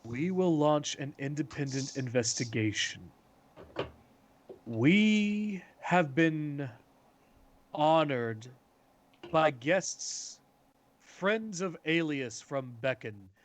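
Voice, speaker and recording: A man playing a calm, authoritative male leader who speaks in a measured, formal way. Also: fairly high pitch. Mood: grave, formal.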